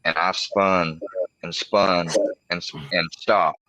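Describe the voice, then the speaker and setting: A man with a very low, bright, forceful voice, talking in a halting, rambling way on a casual livestream panel. The recording is dry and a little dull and lo-fi. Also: flat delivery, no echo.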